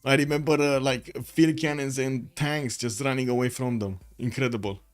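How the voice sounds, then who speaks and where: Man, mid-pitched voice, live game caster, rambling with fillers, soft music behind. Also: fairly even intonation, moderate pace. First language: Romanian. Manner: chatty, thinks aloud with many fillers. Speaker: esports caster. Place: home room with the window shut.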